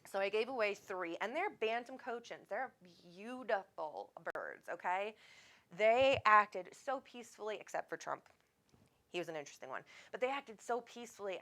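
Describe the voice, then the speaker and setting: A woman's voice: mid-range voice, sing-song, moderate pace, fairly bright tone. A woman, hosting a live stream as a psychic medium, chatting casually, reading viewer comments aloud, laughing often and swearing freely.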